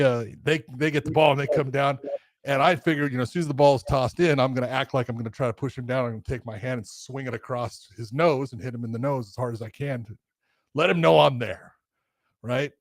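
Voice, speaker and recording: An older man co-hosting a podcast who tells stories in a casual, animated way, swearing now and then and acting out the voices of the people he quotes. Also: mid-range voice, dry recording, studio quality. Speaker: podcast co-host, former referee. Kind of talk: casual storytelling chat.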